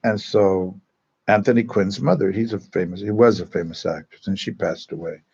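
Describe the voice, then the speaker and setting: A man's voice: low voice, normal speed, creaky, darkish tone, slightly rough, highs cut off. A man, a Catholic priest, telling stories to a parish group in a chatty, digressive way with many asides, speaking in a church. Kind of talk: casual storytelling talk to a parish group.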